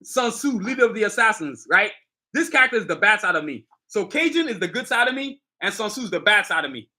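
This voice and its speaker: Talking up his own sneaker line on a casual live stream, this middle-aged designer and channel host uses boastful street slang and speaks straight to viewers constantly. He has a high voice with big pitch swings, a quick pace, and a bright, forceful tone.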